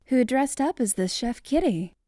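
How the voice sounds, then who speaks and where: A woman's voice: high voice, expressive, normal speed, warm tone, no echo, clean studio sound, pitched above the performer's own voice. A woman voicing a cheerful male horse who is mayor and hosts a costume contest in a children's storybook. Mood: announcing. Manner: announcing, cheerful.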